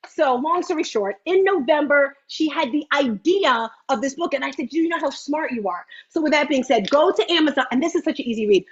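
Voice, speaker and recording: A woman hosting a motivational livestream, talking in a chatty, animated way with teasing asides. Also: sits high, brisk, hardly any pauses, dull audio. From United States. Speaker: host. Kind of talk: lively motivational livestream talk.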